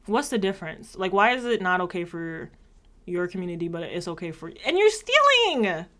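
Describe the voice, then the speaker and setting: A woman's voice: on the low side, steady tone, a little fast, a bit bright. A young woman co-hosting a casual chat, talking bluntly in slang and telling stories with animation. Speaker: podcast co-host.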